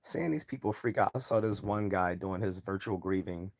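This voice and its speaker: A man with a low voice speaks at normal speed on a dry recording as he hosts a live stream. His commentary is casual, loose and mocking, with frequent chuckles and free swearing.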